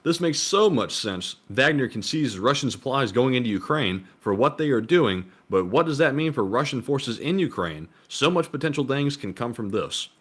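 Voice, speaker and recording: A man co-hosts a casual livestream chat, reading viewers' donation messages aloud. His delivery is relaxed and steady, at a middling pitch. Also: moderate pace, hardly any pauses, slightly rough.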